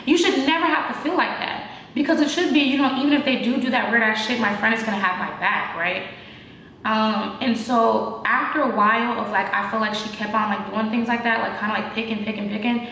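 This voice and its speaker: A woman's voice: on the high side, a little fast. A young woman with a naturally shaky voice that cracks, telling a story in loose, slangy talk full of fillers. She sounds like she is in a very echoey room, with a faint hiss under her voice. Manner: slangy, animated, lots of fillers. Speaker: vlogger. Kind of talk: casual storytime chat.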